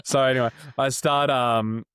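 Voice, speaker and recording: In clean studio sound with a dry recording, a medium-pitched Australian man speaks at a moderate pace with a clean tone. He's a podcast co-host in his twenties or thirties, laid-back and freely swearing through an animated, rambling anecdote in casual chat.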